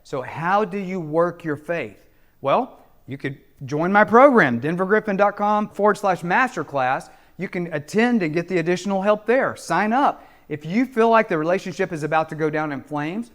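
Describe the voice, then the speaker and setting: This man's bright voice sits high as he gives relationship advice face-on to the camera. Middle-aged and preacherly, he stresses and repeats his points forcefully.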